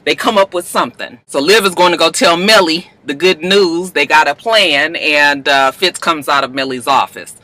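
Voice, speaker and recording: A woman's voice: low-pitched, normal speed, hardly any pauses, pushed and bright, dry recording. A woman recapping a TV episode in a casual, chatty, slangy way, laughing often.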